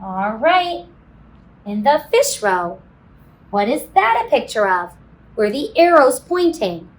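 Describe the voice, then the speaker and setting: A woman teaching a phonics lesson to kindergarten children, slow and sing-song, encouraging, with playful sound effects. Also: on the high side, big pitch swings. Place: classroom.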